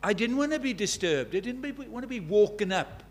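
Impassioned older preacher. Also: male voice, high voice, very animated, a little fast. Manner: impassioned, swings from hushed to loud. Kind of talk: evangelistic sermon.

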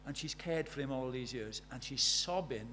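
A man with a South Welsh accent preaching a sermon, earnest, moving from loud emphasis to hushed storytelling. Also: medium pitch, normal speed, a little hiss or hum. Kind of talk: sermon with personal stories.

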